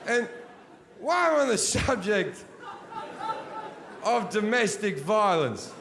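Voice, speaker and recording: Crude stand-up comic, a man with a high-ish voice, taped live in an echoey venue with audience noise. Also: sing-song, slow, vocal fry, over a noisy crowd. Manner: brash, crude, mocking punchlines. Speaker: stand-up comedian. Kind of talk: stand-up comedy set. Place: large theater with audience.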